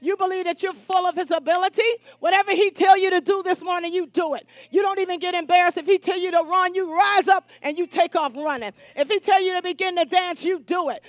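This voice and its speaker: Woman, preacher, live church sermon, fervent, hushed to shouting, call-and-response, very high voice, dry close sound. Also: steady tone, fast talker, few pauses, no echo. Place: church service. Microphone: stage mic with monitor.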